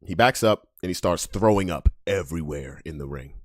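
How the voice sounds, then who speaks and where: Animated man telling a story. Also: low voice, brisk, no room sound, clean studio sound. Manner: animated, acts out voices, swings from hushed to yelling. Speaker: podcast host.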